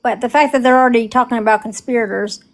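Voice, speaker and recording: A woman's voice: on the high side, quick pace, poor audio. A woman co-hosting a casual group discussion, explaining emphatically and acting out quotes.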